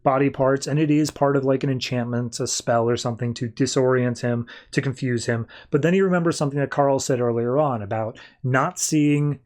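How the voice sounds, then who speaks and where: A podcast host retelling a comic plot in a loose, rambling way, full of "like" and "uh." His voice sits at an ordinary mid pitch for a man. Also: fairly quick, hardly any pauses, a little mellow. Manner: rambling, informal, many fillers. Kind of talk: casual comic book recap.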